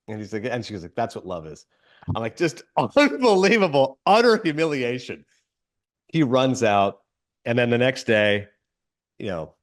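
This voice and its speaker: A man hosting a film podcast, casually retelling a movie plot with lots of fillers and quick quoted asides. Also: on the low side. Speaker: podcast host.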